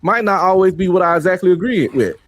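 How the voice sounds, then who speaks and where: A man's voice: high-pitched, expressive, quick pace, a bit bright. A man co-hosting a podcast who keeps cutting in to take the floor and argue his point. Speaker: podcast co-host. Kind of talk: casual debate.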